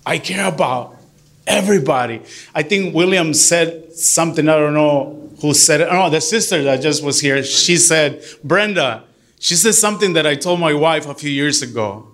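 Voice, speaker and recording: A middle-aged man who is a deacon, giving an earnest, animated church talk to a group and mixing English with Spanish. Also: fairly high pitch, moderate pace.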